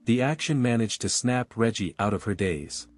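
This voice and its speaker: A man narrating a romance audiobook with smooth, even storytelling. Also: mid-range voice, normal speed, faint music behind.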